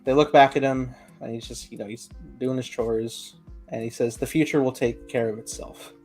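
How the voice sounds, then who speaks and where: A young man hosting a casual fan review podcast, excitedly recounting scenes and acting out lines. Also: mid-range voice, moderate pace, faint music behind. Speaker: podcast host.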